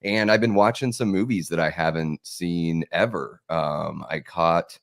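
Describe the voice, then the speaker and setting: A man's voice: deep voice, fairly even intonation, a little slow, dry recording, clean studio sound. A man appearing as a guest on a casual live-stream chat, talking in a laid-back way with lots of fillers and easy laughter.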